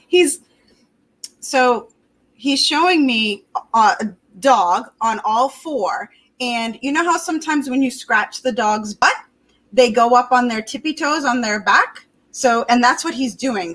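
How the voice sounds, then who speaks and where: A woman's voice: a little high, sharp tone, poor audio. A woman working as a pet communicator on a livestream, chatty and laughing at herself as she describes a dog. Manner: chatty, laughing, self-conscious. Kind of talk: livestream talk.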